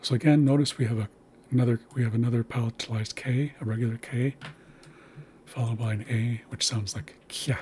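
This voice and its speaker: A man's voice: medium pitch, steady tone, a little fast, warm tone, a little hiss or hum. A man teaching a language lesson, patiently spelling out sounds and words.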